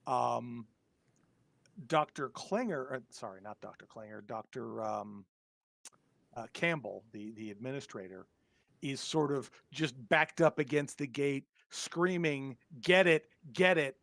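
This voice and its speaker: A man narrates a tabletop horror session as game master, pausing often and filling gaps with "um". His voice sits at an everyday middle pitch. The sound is dry and close, with no room echo. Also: creaky, fairly bright tone. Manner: hesitant, many filler words.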